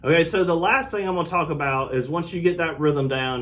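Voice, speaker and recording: Man teaching guitar over loud strumming. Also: fairly high pitch, brisk, few pauses. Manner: casual, scats strum rhythms with syllables. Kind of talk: relaxed spoken guitar lesson. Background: acoustic guitar playing.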